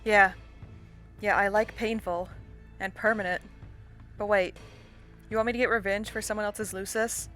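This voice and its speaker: A woman's voice: medium pitch, fairly even intonation, normal speed, pauses often, fairly bright tone, faint music behind, close to an everyday voice. A woman reading as a blunt, fierce troll girl. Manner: blunt, impatient and scornful.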